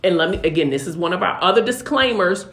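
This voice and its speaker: A woman co-hosting a casual talk show, explaining her points in a measured, careful way and adding disclaimers. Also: on the low side, expressive, a bit bright. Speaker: podcast co-host. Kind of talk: casual chat. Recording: roomy echo.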